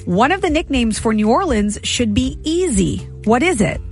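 A woman co-hosting a radio show, reading trivia questions briskly and laughing often. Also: fairly high pitch, big pitch swings, faint music behind. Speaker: radio co-host running a trivia game.

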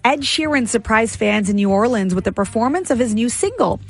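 A woman co-hosting a radio show, reading trivia questions briskly and laughing often. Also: a little high, lively intonation, faint music behind. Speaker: radio co-host running a trivia game.

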